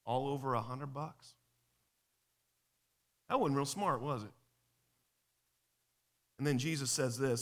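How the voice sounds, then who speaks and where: A man preaching a live sermon in a casual, lively way, firing rhetorical questions at the congregation, recorded with a long hall reverb. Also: medium pitch, slow pace, pauses often.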